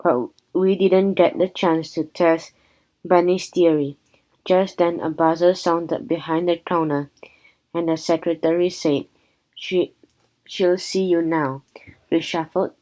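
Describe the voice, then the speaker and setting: A woman reads a children's chapter book aloud, taking her time over every sentence. Her voice sits on the low side. The storytelling stays plain and unhurried. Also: warm tone, low-quality recording. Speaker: reader.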